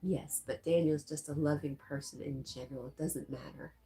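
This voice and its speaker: A middle-aged woman with a low, stuffy-nosed voice hosts a relaxed live stream. She reads viewer comments aloud and answers them in an easy, chatty way. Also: moderate pace. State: stuffy nose. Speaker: live stream host reading chat. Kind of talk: casual live stream chat.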